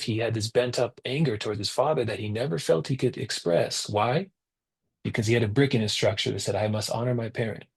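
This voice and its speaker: A young man with a slightly rough, lowish voice presents a webinar through a webinar mic. As part of a spiritual talk, he earnestly shares a personal story and acts out the quoted lines.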